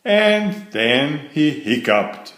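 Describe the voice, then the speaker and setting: A man reading a children's picture book aloud, slow and expressive. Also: on the high side. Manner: slow, sing-song, expressive. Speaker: storybook reader. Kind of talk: children's story read-aloud. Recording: echoey room.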